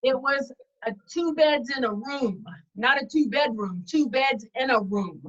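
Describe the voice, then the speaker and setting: A woman's voice: high voice, unhurried, a bit bright. A woman guest telling her story candidly in a casual interview, over a dull lo-fi video call. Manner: chatty, candid, self-deprecating.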